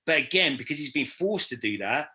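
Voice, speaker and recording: Bright-voiced young man chatting casually. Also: on the high side, animated, fairly quick, a little hiss or hum. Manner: rambling, swears freely, many fillers. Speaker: podcast co-host, DJ. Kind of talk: casual chat.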